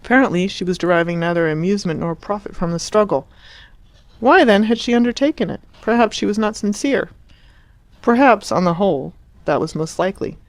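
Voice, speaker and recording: A woman reading a classic novel aloud as an audiobook narrator, measured and expressive at a steady middle pitch. The voice sits close and dry, with no room sound. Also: dry recording. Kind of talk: scripted narration.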